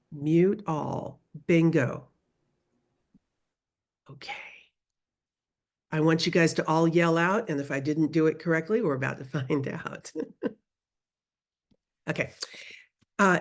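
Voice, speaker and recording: A middle-aged woman teaching a beginner Spanish class over a video call, modeling sounds slowly for students to repeat. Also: medium pitch. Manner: lively, drawn-out modeling of sounds for repetition. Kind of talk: online class instruction.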